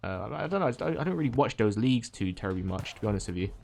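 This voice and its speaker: A man's voice: fairly low pitch, expressive, very fast, creaky, darkish tone, faint music behind. A man from Ireland streaming a game, chatting casually and a bit groggily, rambling with fillers and restarts. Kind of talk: casual chat while playing a game.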